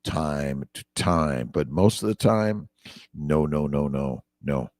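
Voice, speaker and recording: Older guy in his 60s chatting on a morning livestream, really low voice, dry close sound, rambly and encouraging, reads out viewer names. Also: expressive, takes it slowly, darkish tone, no room sound. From United States. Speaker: doctor hosting a morning livestream. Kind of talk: casual livestream chat reading viewer comments. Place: away from his usual office. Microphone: phone mic.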